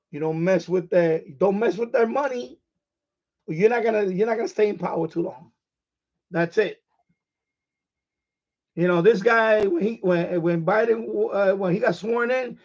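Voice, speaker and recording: A man's voice: high-pitched, muffled recording. A man hosting a live stream in casual chat, boisterous and profane, laughing often.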